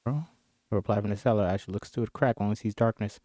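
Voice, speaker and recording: A man's voice: on the low side, steady tone, fast, mellow, no echo, clean studio sound. A man casually reading a horror screenplay aloud, joking and chatting between scenes. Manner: chatty, laughs, jokes and apologizes between lines. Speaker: script reader. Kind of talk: casual script reading with commentary.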